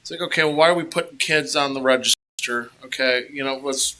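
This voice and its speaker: Very bright-voiced joking man. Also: medium pitch, a little fast. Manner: animated, joking storyteller. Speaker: co-host. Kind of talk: casual podcast chat. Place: small studio room.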